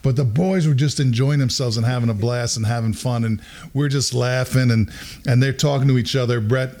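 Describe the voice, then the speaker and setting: A middle-aged man hosting a podcast, telling a story in a casual, animated way and acting out quotes with bursts of laughter. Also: medium pitch, fairly quick. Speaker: podcast host.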